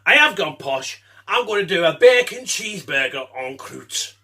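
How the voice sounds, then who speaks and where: A man's voice: high voice, big pitch swings, normal speed, pushed and bright, faint music behind. A man hosting a casual home cooking show, chatty, laughing and swearing as he works in his kitchen.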